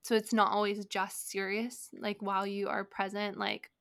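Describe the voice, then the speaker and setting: Gravelly-voiced woman, chatty podcast co-host. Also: medium pitch, moderate pace. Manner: animated storytelling, many "like" fillers. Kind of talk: casual conversation.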